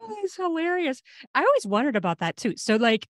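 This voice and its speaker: Woman, podcast host, casual chat, laughs often, very lively pitch, dry close sound. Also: a little fast, no room sound.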